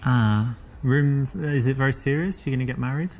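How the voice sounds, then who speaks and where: A man's voice: medium pitch, normal speed, darkish tone, slight background noise, natural voice. A man with an English accent playing a teasing, self-assured flirt in a game. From England. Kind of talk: game dialogue.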